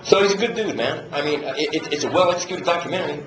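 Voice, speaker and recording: A man's voice: fairly high pitch, fast talker. A man telling stories at a fan Q&A, swearing freely and laughing as he imitates people. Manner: profane, animated, laughing through impressions. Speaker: actor answering audience questions. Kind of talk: casual convention Q&A storytelling. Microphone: handheld camcorder from the audience. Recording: echoey room on a camcorder, ambient noise.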